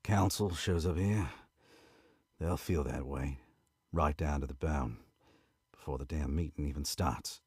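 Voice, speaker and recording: Gruff werewolf man with an Aussie drawl, read by a man; very deep, dry close sound, slow and unhurried muttering. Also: darkish tone, dry recording, heavily acted. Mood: grumbling. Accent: Australian.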